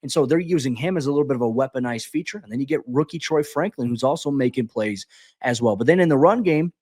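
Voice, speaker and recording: A man talks football at a rapid clip, stumbling over his first words and pressing ahead. His mid-range voice sounds close and dry, with no room around it. He is a guest host on a sports podcast. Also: medium pitch, no room sound. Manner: rapid, animated, frequent stammered restarts. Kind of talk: casual sports analysis chat.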